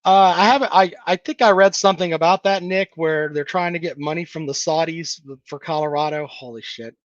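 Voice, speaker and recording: A man's voice: a little high, fairly even intonation, a little fast, no echo, highs cut off. A man hosting a casual sports talk livestream, reading chat comments and mocking them bluntly with plenty of swearing. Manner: blunt, sarcastic, swears freely, mocks callers' takes.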